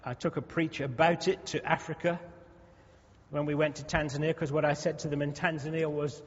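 Man, pastor, sermon, chatty humorous asides, fairly high voice, long hall reverb. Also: fairly even intonation, normal speed, breathy edge. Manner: conversational, humorous asides to the congregation. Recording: dull lo-fi sound in a reverberant hall.

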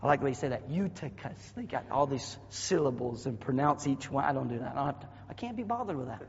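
A man from the American South with a Southern accent, preaching a sermon as pastor with a husky voice, dropping to quiet asides and then bursting into loud shouted passages. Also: mid-range voice, animated, quick pace, slight background noise. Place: church sanctuary. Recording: dull audio with long hall reverb.

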